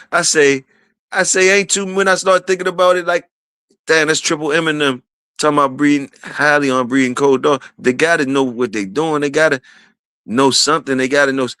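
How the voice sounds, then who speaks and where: Bright-voiced man hosting a casual livestream. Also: mid-range voice, clear, resonant tone, no echo, studio quality. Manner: shouts out viewers, repeats phrases. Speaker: livestream host.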